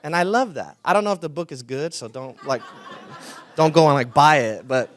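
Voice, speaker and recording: A man's voice: on the high side, moderate pace, fairly bright tone. A young adult man preaching a conversational sermon as a pastor, telling stories. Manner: conversational, storytelling with laughs.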